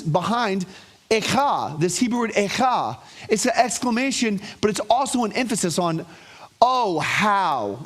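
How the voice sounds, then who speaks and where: A man preaching to his congregation, telling stories with animation and calling for responses from the room. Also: sits high. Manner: animated storytelling with call-and-response. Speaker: pastor. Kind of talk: sermon.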